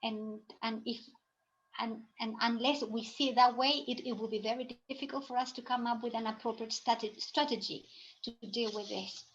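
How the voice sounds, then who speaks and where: A woman's voice: fairly high pitch, fairly even intonation, moderate pace, dull audio. A woman teacher trainer giving a live presentation to teachers, chatty and thinking aloud, often saying "it's like" and restarting sentences.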